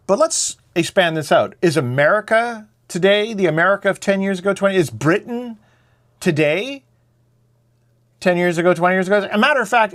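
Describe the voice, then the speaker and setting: A man's voice: fairly high pitch, fairly bright tone. A man, hosting a casual, opinionated monologue in a blunt, rambling way. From Canada. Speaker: show host.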